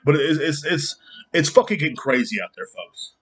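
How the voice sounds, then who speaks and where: This podcast host delivers a solo rant that's angry, blunt, and packed with swearing, and he laughs at his own jokes now and then. His voice is fairly high and sing-song, a bit bright and husky, at a moderate pace.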